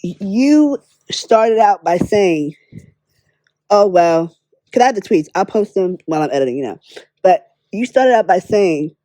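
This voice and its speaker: A woman's voice: mid-range voice, expressive, moderate pace, mellow, no room sound. A woman giving her candid, blunt opinions in a casual commentary vlog, swearing freely. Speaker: beauty drama commentator.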